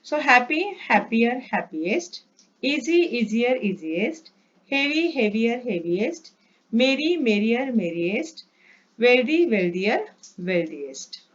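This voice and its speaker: A woman gives a slow, careful grammar lesson and reads word lists one by one. Her voice sits a little high. She repeats herself and corrects small slips with a quick "sorry". The recording sounds dull and lo-fi. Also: very animated. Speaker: English teacher.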